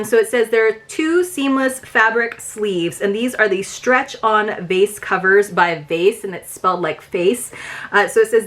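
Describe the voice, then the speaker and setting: A woman's voice: medium pitch, fairly bright tone. A young adult woman chatting casually as she unboxes a subscription box at home, upbeat and full of fillers. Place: home filming room.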